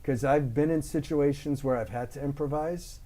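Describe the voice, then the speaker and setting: A Canadian man with a Canadian accent, appearing as a guest voice impressionist. He chats casually and jokes freely, landing quick punchlines. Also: a little high, warm tone. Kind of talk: casual interview chat.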